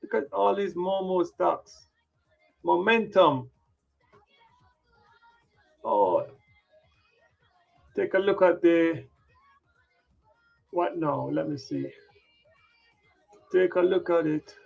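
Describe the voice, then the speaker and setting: A man hosting a trading livestream, muttering to himself as he sets up his screen, tired and yawning, with sudden loud playful bursts. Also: sits high, very slow, creaky, long pauses. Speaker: livestream stock trading host. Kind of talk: rambling livestream chatter. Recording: dull lo-fi sound with faint music.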